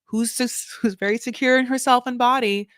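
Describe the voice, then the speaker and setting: A woman's voice: on the high side, steady tone, moderate pace, a bit bright, dry recording, studio quality. A woman co-hosting a casual reality-show recap podcast, delivering opinionated run-on rants with casual swearing. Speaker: podcast co-host.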